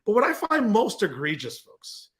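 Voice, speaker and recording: New jersey guy hosting a political talk show, high voice that jumps all over, sarcastic and scoffing. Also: normal speed. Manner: sarcastic, scoffing, animated rants. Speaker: show host and political commentator.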